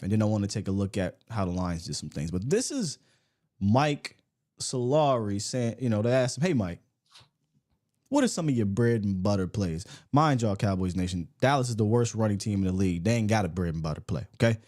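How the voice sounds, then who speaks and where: A man's voice: lowish voice, a little fast, a little mellow. A man hosting a casual sports podcast, talking in a loose, joking way and often repeating words. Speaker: podcast host. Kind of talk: casual sports chat and sponsor read.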